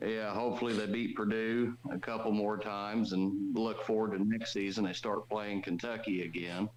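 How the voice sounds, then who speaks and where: A man with a very low voice rambles bluntly on a call-in show and swears now and then. A faint hum sits under him. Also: steady tone, normal speed, low-quality recording. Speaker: caller. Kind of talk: casual call-in chat.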